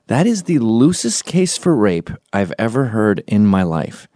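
A man in his forties with a fairly low voice, holding forth in a comedic podcast rant. He swears freely and drops into quick impressions of the people in his stories. The sound is dry and close, with no room around it. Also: sing-song, mellow, no room sound. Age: 40s. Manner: profane, ranting, opinionated; acts out quoted voices mid-story.

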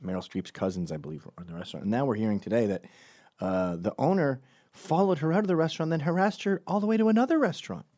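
A man hosting a comedic political monologue, sardonic and animated, slipping in and out of mocking impressions and swinging between loud and hushed delivery. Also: mid-range voice, quick pace, dry recording, clean studio sound.

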